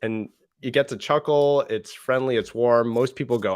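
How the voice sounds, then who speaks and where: A man's voice: medium pitch, normal speed, smooth. A man explaining sales technique in a friendly way, chuckling as he talks. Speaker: sales trainer guest. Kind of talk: casual chat.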